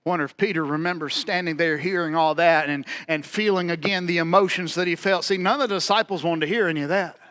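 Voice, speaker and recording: A man preaching a sermon, telling the story dramatically and acting out the lines of the people in it, with big swings between loud and quiet. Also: fairly high pitch, fast talker, few pauses. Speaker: pastor.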